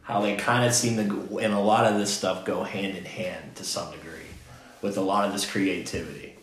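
A man's voice: low-pitched, fairly even intonation, moderate pace. A man hosting a podcast, telling a long casual story that rambles with restarts and "he's like" asides. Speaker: podcast host. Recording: echoey room.

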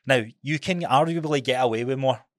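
A man's voice: mid-range voice, a little fast, no room sound, studio quality. A man with a Scottish accent co-hosting a podcast, talking bluntly and emphatically with plenty of swearing. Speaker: podcast co-host. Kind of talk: casual podcast chat.

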